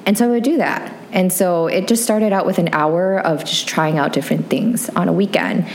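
A woman's voice: lowish voice, normal speed, few pauses, slight background noise. A young woman co-hosting a casual podcast, chatting openly and laughing often at herself. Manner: laughs often, animated, self-deprecating. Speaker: podcast co-host.

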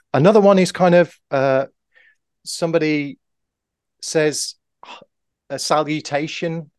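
A man's voice: mid-range voice, a little mellow, dry recording. Rambling male improv guest, dry sound. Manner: rambling, self-correcting, acts out example lines. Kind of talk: casual interview chat.

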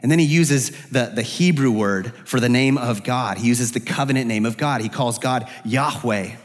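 A man delivers an expository sermon from the pulpit in an earnest, searching way, his voice climbing higher whenever he voices the prophet's pleas to God. His voice sits at an ordinary middle pitch for a man. The sound carries a long reverb, as in a large church sanctuary. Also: normal speed. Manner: earnest, rises in pitch when voicing the prophet's prayers. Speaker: pastor.

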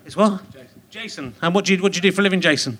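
Bright, high-voiced English comedy host. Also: male voice, rapid-fire. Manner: teasing, joking with audience members. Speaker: podcast host. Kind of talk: live comedy podcast with audience banter. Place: theatre stage with live audience.

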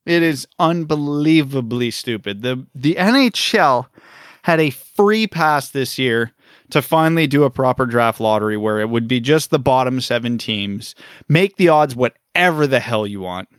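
A man's voice: medium pitch, lively intonation, moderate pace, dry recording, studio quality. A man co-hosting a hockey podcast, ranting heatedly and emphatically in casual talk. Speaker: podcast co-host.

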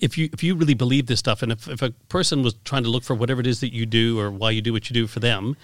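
A man's voice: mid-range voice, fairly even intonation, very fast, dry recording. A man with a Canadian accent, talking enthusiastically and loosely as a guest on a podcast interview, with many restarts. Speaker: guest, keynote speaker.

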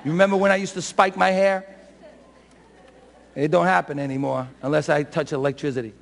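Male pastor, fervent sermon, high gravelly voice, long church reverb. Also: flat delivery, a little fast. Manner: fervent preacher, swings from soft to shouting; self-described shouter and crier. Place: church sanctuary.

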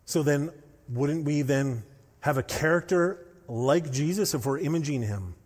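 A man preaching a sermon as pastor, telling stories with animated, rising intensity. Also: on the high side, measured pace. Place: church hall. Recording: long hall reverb.

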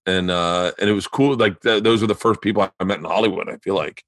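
A man's voice: sits low, fast talker, dry recording. A middle-aged man hosting a podcast in casual chat, telling stories animatedly, swearing and laughing. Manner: animated storyteller, acts out voices, laughs hard, swears. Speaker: podcast host.

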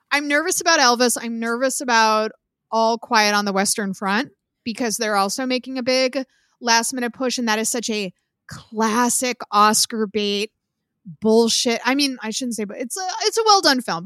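A bright, slightly high-voiced woman in her thirties co-hosts a casual podcast from home. She is chatty and opinionated, full of "like" and "um", and her voice sounds dry and close. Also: no room sound. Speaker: podcast co-host. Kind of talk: casual chat.

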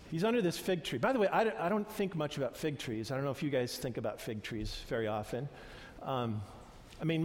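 Conversational preacher with hall reverb. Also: male voice, fairly high pitch. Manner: conversational, animated retellings with many fillers and restarts. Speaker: pastor. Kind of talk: sermon.

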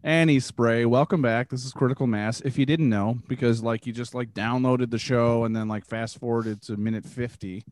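A man's voice: mid-range voice, steady tone, moderate pace, few pauses, darkish tone, dry recording, studio quality. A man hosting a podcast in casual chat, teasing the others and jumping in with jokes. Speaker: podcast host.

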